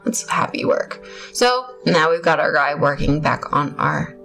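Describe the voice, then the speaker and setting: A woman's voice: sits low, lively intonation, measured pace, gravelly, a bit bright, rough recording. Chatty young woman gaming vlogger. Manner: chatty, rambling, self-mocking with laughs. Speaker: gaming channel host. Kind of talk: casual gameplay commentary. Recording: faint music behind voice.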